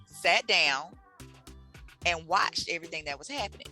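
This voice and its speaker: A woman's voice: lowish voice, animated, normal speed, pushed and bright, faint music behind. A woman with a Southern US accent, a guest author telling stories in a casual chat, acting out voices and laughing often. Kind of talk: animated storytelling in casual chat.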